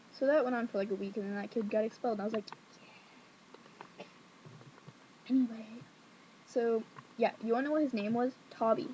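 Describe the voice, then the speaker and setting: A young woman vlogging from home at night, telling a childhood story in a rambling, sassy, animated way. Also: fairly high pitch, slight background noise. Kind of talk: casual storytelling to camera. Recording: dull lo-fi webcam audio.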